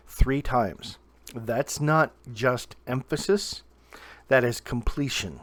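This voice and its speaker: A man's voice: medium pitch, no room sound. Earnest young man preaching, very dry sound. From Southern Ohio, USA. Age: young adult. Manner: earnest and emphatic, drawn-out pauses on key words. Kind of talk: short video sermon.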